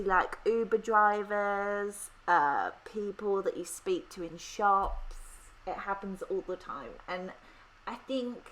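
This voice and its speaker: Young Brummie woman, casual vlog Q&A, giggly and self-deprecating, mid-pitched. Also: a little hiss or hum, low-quality recording. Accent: Birmingham (Brummie). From Birmingham, England. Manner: chatty, self-deprecating, laughs often. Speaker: planner vlogger answering questions. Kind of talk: casual Q&A chat.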